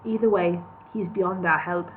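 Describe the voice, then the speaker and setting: A woman's voice: lowish voice, fairly even intonation, moderate pace, slight background noise, voice pushed down, close to an everyday voice. A woman voicing a gloomy, hesitant male dwarf guide who talks warily and stumbles over his words. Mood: wary. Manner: hesitant, wary, with stammered restarts. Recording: tinny phone-like sound.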